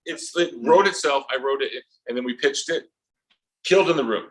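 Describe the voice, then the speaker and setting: A man in his fifties, an author guest telling comic anecdotes with lively acted-out scenes. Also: mid-range voice, rough recording. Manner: comic, acts out scenes in quick voices. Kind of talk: animated storytelling.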